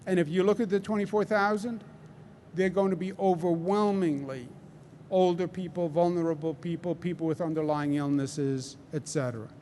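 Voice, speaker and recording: A man with a Queens New York accent giving a press briefing as a government official, speaking deliberately and emphatically with rhetorical check-ins. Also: high-pitched, fairly even intonation, a little mellow, a little hiss or hum. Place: large indoor site with construction behind him.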